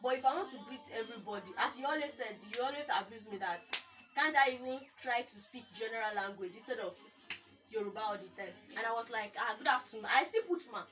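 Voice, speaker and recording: Woman, Nigerian accent, young adult, high-pitched, animated storyteller, casual chat, distant mic, music behind. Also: fast. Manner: animated storyteller acting out quoted people. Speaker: co-host.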